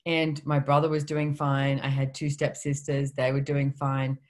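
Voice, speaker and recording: A woman's voice: very deep voice, completely flat delivery, normal speed. A woman author speaking at her book launch, telling candid, self-deprecating personal stories. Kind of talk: personal storytelling talk.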